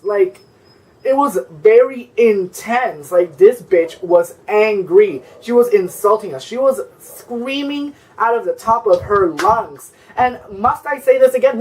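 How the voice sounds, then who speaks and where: A man's voice: sits high, expressive, normal speed, far from the mic, rough recording. Young male vlogger, sassy and foul-mouthed, rambling story time, camera mic set back. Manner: sassy, profane, rambling with constant "like".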